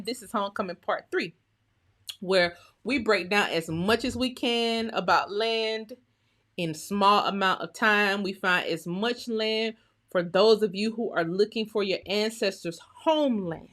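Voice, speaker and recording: A woman hosting a live stream as a historian, greeting viewers by name in a lively, chatty way before turning to a serious talk. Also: medium pitch, unhurried. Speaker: livestream host and historian.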